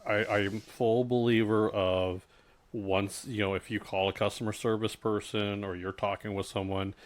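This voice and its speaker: In a casual podcast chat on customer service, a male co-host speaks with a flat delivery on the low side. His speech is halting and full of restarts, grounded in his own work experience.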